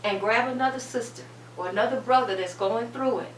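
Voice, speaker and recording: A middle-aged woman and cancer survivor, appearing as a panel guest, gives a forceful, preacher-style testimony, repeating phrases to drive them home. Her voice is slightly high and she speaks fairly quickly. The room echoes, the mic sits far away, and a faint hum runs underneath.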